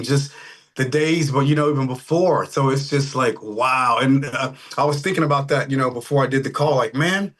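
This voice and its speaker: A middle-aged man, a rock singer, chatting over a video call in a relaxed, rambling way with many fillers. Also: medium pitch. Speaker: rock band lead vocalist. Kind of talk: casual interview chat.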